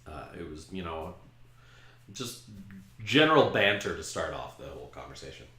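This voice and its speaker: A man's voice: a bass voice, normal speed. A man hosting a podcast, casually telling a self-mocking story about his own past. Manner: self-mocking, animated retelling. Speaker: podcast host. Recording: roomy echo.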